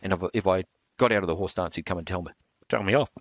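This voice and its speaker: A man tells stories at an easy, rambling pace. He stops and restarts often, with plenty of fillers. His voice sits low, and the sound is dry with almost no room echo. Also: quick pace, dull audio. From New Zealand. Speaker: martial arts instructor. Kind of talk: relaxed storytelling interview.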